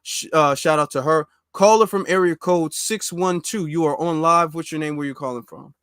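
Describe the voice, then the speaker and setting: Relaxed man hosting a call-in show. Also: fairly high pitch, normal speed, clean tone, dry recording, studio quality. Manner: relaxed, conversational, supportive. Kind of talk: live call-in talk show.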